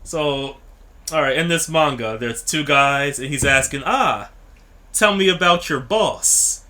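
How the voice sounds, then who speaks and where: Very bright-voiced laughing young man. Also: a little high, measured pace. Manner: laughs a lot, tells stories with acted quotes. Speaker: podcast co-host, teacher. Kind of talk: casual chat.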